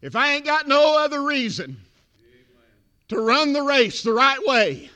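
A male pastor preaching a sermon, building from quiet talk to shouted crescendos. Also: very high-pitched, big pitch swings, a little slow.

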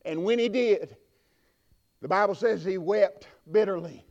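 High, gravelly preacher man. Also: a little slow. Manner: swings from hushed asides to shouted peaks. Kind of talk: sermon. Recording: dull lo-fi recording.

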